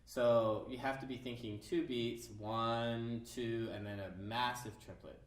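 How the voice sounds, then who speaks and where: A man's voice: medium pitch, steady tone, measured pace, hardly any pauses, recorded from a distance, background noise. A man teaching an orchestra violin part, explaining the rhythms and counting the beats aloud. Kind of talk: music lesson. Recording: roomy, from off mic, violin behind. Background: violin playing.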